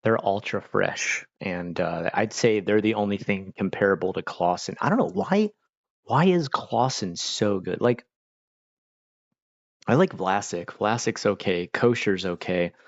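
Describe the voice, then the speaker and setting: Low-voiced man rambling on a livestream. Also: big pitch swings, a little slow, gravelly, no room sound, highs cut off. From Pennsylvania, US. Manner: rambling, chatty, talks while eating. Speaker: livestream host. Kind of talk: casual livestream chat.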